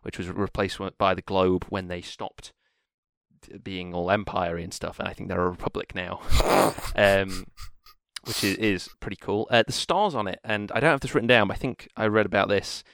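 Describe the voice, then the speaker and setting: A man chats casually on a podcast, rambling through fillers and restarts. His voice sits low and smooth. The sound is dry and close. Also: fairly even intonation, normal speed, fairly bright tone, dry recording. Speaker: podcast co-host. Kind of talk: casual chat.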